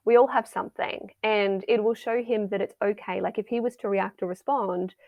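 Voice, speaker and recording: A woman's voice: mid-range voice, fairly even intonation, moderate pace, no room sound, lo-fi sound. A middle-aged woman, a wellbeing coach, chatting casually on a podcast and acting out everyday scenes in quoted voices. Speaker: wellbeing and mindset coach, guest.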